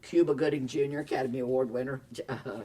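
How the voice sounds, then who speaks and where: An older man with a Southern drawl spins showbiz stories, bouncing into his quotes with lively, laughing energy. He sits a little back from the mic, so the voice carries a touch of distance. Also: mid-range voice, fast talker. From Tennessee. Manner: animated storyteller, acts out quotes, laughs often. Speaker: actor guest. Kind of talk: casual storytelling interview.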